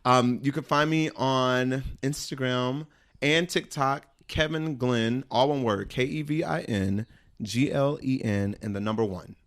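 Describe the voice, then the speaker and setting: A man's voice: medium pitch, unhurried. Earnest, reflective man from Wisconsin. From Wisconsin, USA. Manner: earnest, reflective, often restarts mid-thought. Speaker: podcast guest. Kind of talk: candid conversational chat.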